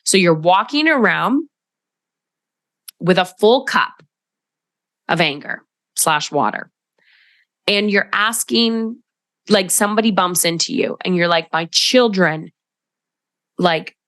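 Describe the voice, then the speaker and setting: Brief: middle-aged woman, podcast coach, low-ish voice, emphatic and direct, dry close mic. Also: fairly bright tone, dry recording. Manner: emphatic, direct, conversational, acts out quoted voices. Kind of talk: solo podcast talk.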